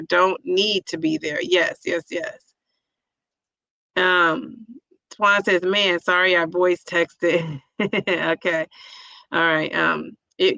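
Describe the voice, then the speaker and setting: Bright-voiced woman hosting a live chat. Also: medium pitch, vocal fry, dry recording, poor audio. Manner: laughs often, repeats "yes, yes, yes"; reads chat comments aloud and reacts. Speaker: livestream host reading viewer comments. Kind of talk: casual chat.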